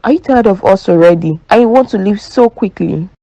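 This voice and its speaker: A woman's voice: mid-range voice, normal speed, dark tone, highs cut off, natural voice. A woman voicing a hurt young girlfriend. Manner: plaintive, hurt. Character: upset young girlfriend near tears.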